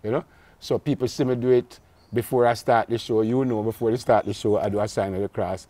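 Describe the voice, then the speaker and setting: A man's voice: fairly low pitch, fairly even intonation, a little fast, warm tone, no room sound. A man, a guest talking earnestly in a candid conversation and repeating words as he searches for them.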